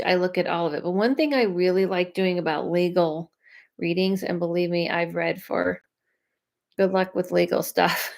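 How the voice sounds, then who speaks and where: A woman psychic medium chatting on a live stream, reading viewer questions aloud, often restarting and thinking out loud as she talks. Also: lowish voice.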